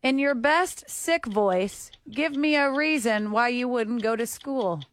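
A woman's voice: fairly high pitch, slow pace, a little hiss or hum. A woman hosting a morning radio game segment, bubbly and encouraging, laughing often. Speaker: radio show host.

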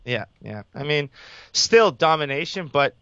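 A male co-host and kickboxing coach who tells stories with animated energy and breaks into excited yells. His voice sits a bit high. The sound is dry and somewhat dull. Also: a little slow, smooth, no room sound. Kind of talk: casual sports talk.

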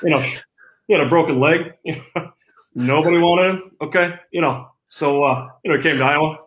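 A man doing an impression of a gruff older male football head coach, speaking in clipped folksy phrases and repeating fillers. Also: fairly high pitch, normal speed, fairly bright tone, close to an everyday voice, low-quality recording. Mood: gruff, wry.

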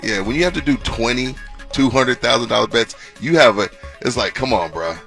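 A man's voice: medium pitch, brisk, creaky, a bit bright, faint music behind. A man co-hosting a sports radio show, laid-back and slangy in casual chat.

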